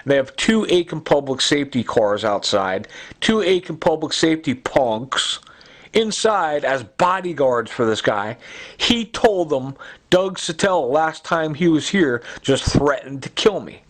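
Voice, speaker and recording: A sleep-deprived man talking in a rambling, agitated monologue, halting and repeating himself with many fillers. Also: on the high side, expressive. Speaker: vlogger.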